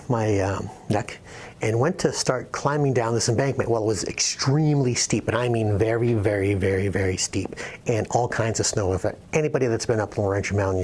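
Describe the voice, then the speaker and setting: A man's voice: fairly low pitch, darkish tone, slight background noise. A man telling a rambling, self-deprecating story as host of his painting channel. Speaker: wildlife painter telling an anecdote. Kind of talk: casual storytelling.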